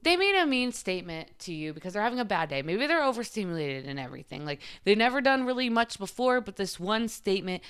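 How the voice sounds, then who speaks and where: Smooth-voiced woman, chatty vlogger. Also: medium pitch, very animated, quick pace, hardly any pauses, fairly bright tone. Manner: chatty, frequent filler "like"; open and confiding. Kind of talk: casual advice monologue.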